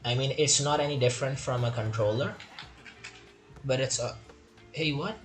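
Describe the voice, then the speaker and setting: A man's voice: medium pitch, normal speed, faint music behind. A man giving casual, chatty gameplay commentary while playing through a game tutorial and reading its tips aloud.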